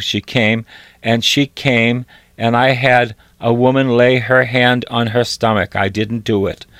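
A man's voice: medium pitch, no room sound. A man preaching a sermon, reading scripture aloud and repeating phrases for emphasis.

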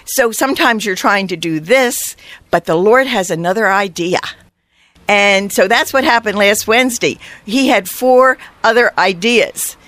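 A woman guest telling heartfelt stories in an earnest, halting conversational way, with frequent fillers. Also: medium pitch, fairly bright tone, no echo.

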